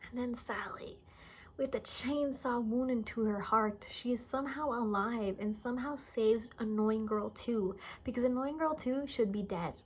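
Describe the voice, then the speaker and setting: A woman's voice: a little high, moderate pace, darkish tone, slight background noise. A young woman giving a casual, exasperated movie review, sarcastic and stumbling over her words at times.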